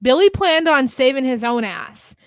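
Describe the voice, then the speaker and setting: A woman co-hosting a casual podcast, excitedly chatting about horror films and quoting lines from them, laughing often. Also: sits high, normal speed, clean tone, no echo, studio quality. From Northeast Pennsylvania. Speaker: podcast co-host. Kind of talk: casual chat.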